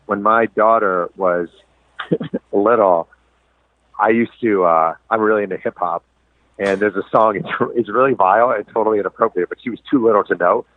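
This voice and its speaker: A man's voice: fairly low pitch, normal speed, dry recording. A middle-aged man, a sports writer and guest, telling candid, self-deprecating stories in a casual interview. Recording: tinny phone line.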